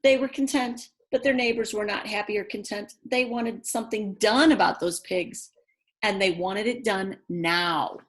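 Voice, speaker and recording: A woman's voice: mid-range voice, measured pace. A woman reading a picture book aloud, breaking off for chatty asides to her young listeners. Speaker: read-aloud storyteller.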